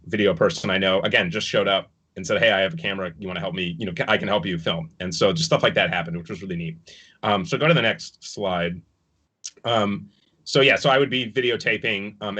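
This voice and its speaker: Man, lowish voice, bright and forceful, rambling with fillers, dull lo-fi video call audio. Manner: rambling, with many fillers and restarts, chuckling at times. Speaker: video and projection designer on a dance production. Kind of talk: casual recounting in an online panel discussion.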